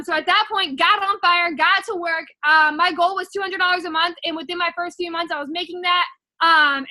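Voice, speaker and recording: A woman's voice: very high voice, pushed and bright, no room sound. A young woman telling her story in a chatty, rambling way, full of filler words. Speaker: network marketing distributor. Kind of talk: casual personal testimony.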